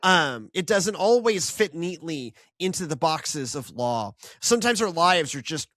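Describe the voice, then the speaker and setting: A podcast co-host in a casual Bible discussion, animated and full of fillers and restarts. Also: mid-range voice, measured pace, no echo, clean studio sound.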